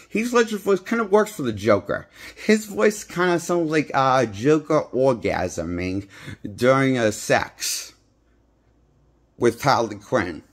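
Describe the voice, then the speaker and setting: Rambling movie critic, a man in a mid-pitched voice, blunt, talking into his phone. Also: husky. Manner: rambling, blunt, repeats himself. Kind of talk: casual vlog movie review. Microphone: handheld phone.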